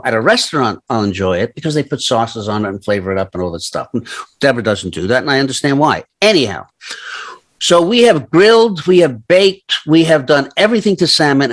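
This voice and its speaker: An older man co-hosting a casual talk show, telling stories in an animated, mock-ranting way. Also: mid-range voice, brisk. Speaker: podcast co-host. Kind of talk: casual chat.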